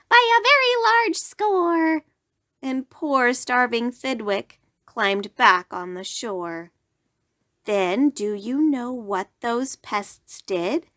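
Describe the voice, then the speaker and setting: A woman reads a rhyming picture book aloud at bedtime, slow and deliberate. Her pitch sits a little high and moves a lot, rising and falling with the verse. The recording is close and dry. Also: dry recording. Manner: animated rhyming read-aloud. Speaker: storyteller. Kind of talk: bedtime story reading.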